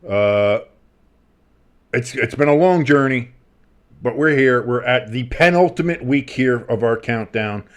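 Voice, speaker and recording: Rambling, excitable sports podcast host. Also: male voice, mid-range voice, measured pace. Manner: rambling, excitable, swears freely. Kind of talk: casual sports podcast chat.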